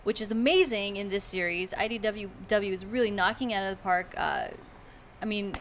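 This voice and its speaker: A woman's voice: mid-range voice, brisk, slight background noise. A woman hosting a live talk-show stream, upbeat and giggly as she runs a contest. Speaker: host.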